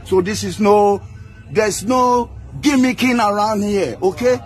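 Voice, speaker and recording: A man's voice: high voice, measured pace, faint music behind. A man, making an insistent public statement and ending his lines with "okay?". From Ghana. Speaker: man claiming to be a footballer's father.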